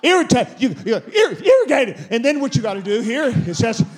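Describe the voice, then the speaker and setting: A man, a guest pastor, preaching a sermon in an animated, repetitive way, going through steps one by one. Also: very high-pitched, brisk. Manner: animated, repetitive step-by-step demonstration.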